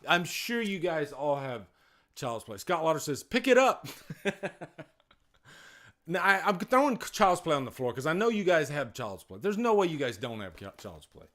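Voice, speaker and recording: A man's voice: on the high side, normal speed. A man hosting a live movie night stream from a room at home, chatting casually and joking with his viewers. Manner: excitable, joking, talks straight to his chat. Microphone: external mic.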